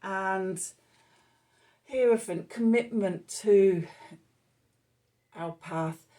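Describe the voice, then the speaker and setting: A woman's voice: mid-range voice, extremely slow, warm tone. A woman giving a spoken tarot reading, meandering and reflective, with many fillers. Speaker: tarot reader.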